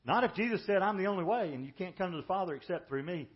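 A man preaching a sermon as pastor, emphatic, often dropping to a hushed, slow delivery for weight. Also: high voice, lively intonation. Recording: dull lo-fi sermon audio.

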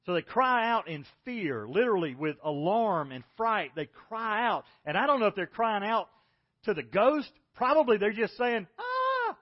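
A man preaching a sermon as pastor, telling stories and swinging between loud exclaims and quiet, hushed lines. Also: high voice, animated, normal speed, lo-fi sound.

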